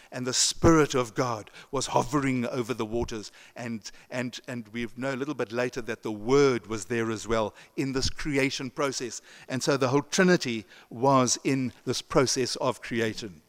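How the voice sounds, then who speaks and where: A male pastor with a non-American English accent delivers a sermon in a sanctuary at a moderate pace and medium pitch. His style is conversational, full of chuckling asides and frequent restarts. The recording carries the long reverb of a church.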